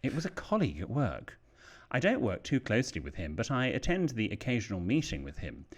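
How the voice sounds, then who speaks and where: A man's voice: mid-range voice, fairly quick. A British man co-hosting a podcast, reading listener letters aloud in a casual chat. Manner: lively, animated reading voice.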